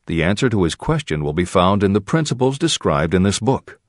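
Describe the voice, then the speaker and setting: This is scripted narration of a self-help audiobook, read by a man with a low-sitting voice in measured, expressive storytelling. The sound is clean studio audio with no room sound.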